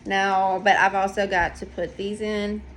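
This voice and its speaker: A woman's voice: medium pitch, little pitch movement, measured pace, fairly bright tone. A woman chats casually about her projects from home, rambling and poking fun at herself in an everyday middle voice. The recording carries a faint hiss underneath her talk. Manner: chatty, rambling, self-deprecating. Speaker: knitting podcast host. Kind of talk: casual show-and-tell chat. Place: home, indoors.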